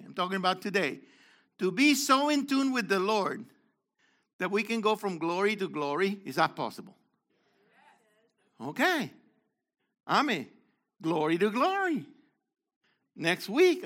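An older man preaching an interactive sermon, questioning the congregation and calling on people, moving between loud exhortation and quiet asides. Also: high voice.

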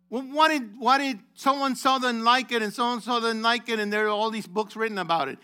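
A man preaching a sermon to his congregation, calling on members by name, rising to loud exhortations and dropping low again. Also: fairly quick, hardly any pauses, clear, resonant tone. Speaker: pastor.

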